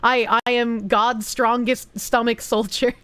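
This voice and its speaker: Casual, fairly high-voiced woman streamer. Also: little pitch movement, slow, a bit bright, smooth, no room sound. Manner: reads donation messages aloud, thanks supporters, swears casually. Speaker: streamer reading chat. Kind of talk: casual livestream chat.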